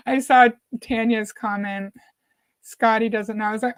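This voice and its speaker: A woman's voice: fairly high pitch, fairly even intonation, takes it slowly, pauses often. A woman hosting a live reaction stream, chatting casually, greeting viewers by name and reading their comments aloud. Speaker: livestream host.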